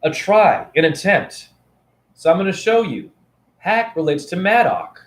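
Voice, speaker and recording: Filmed on his phone, a spiritual teacher gives a casual, rambling, playful, and preachy teaching monologue to camera. His high voice takes big pitch swings at a measured pace, with a reverberant sound.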